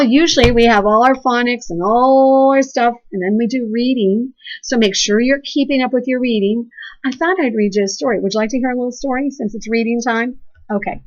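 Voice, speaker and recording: A woman teaching second grade remotely, encouraging and animated as she guides a phonics lesson and reads aloud. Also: on the high side, muffled recording. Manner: encouraging, animated, sing-song praise.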